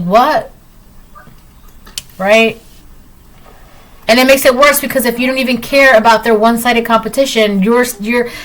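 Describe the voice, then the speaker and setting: A woman's voice: a little high, fairly bright tone. A woman giving a collective tarot reading, talking straight to viewers in an emphatic, repetitive way. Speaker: tarot reader.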